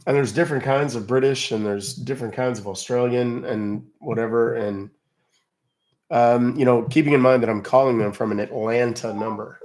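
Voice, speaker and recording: Wry streamer, man, worn voice, mid pitch, loose chatty asides. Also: steady tone, moderate pace, darkish tone. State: voice not fully recovered. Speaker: scam-baiting streamer. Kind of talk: live stream commentary.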